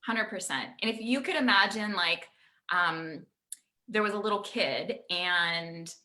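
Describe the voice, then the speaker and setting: A woman guest coach in a conversational interview, telling stories in an animated way. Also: medium pitch. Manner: animated storyteller.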